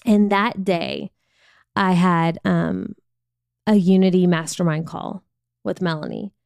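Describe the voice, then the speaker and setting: Candid woman podcaster, smooth and dry. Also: fairly low pitch, steady tone, slow pace, a little mellow, no room sound. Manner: frank, confessional, conversational. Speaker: podcast host. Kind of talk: candid personal storytelling.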